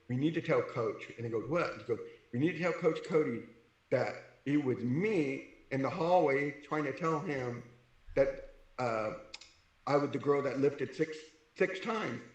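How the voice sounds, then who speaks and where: A man's voice: medium pitch, normal speed, reverberant, dull audio. A man who is deaf and wears hearing aids, an interview guest telling a story, acting out the voices of the people in it. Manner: animated, acts out the voices in his story.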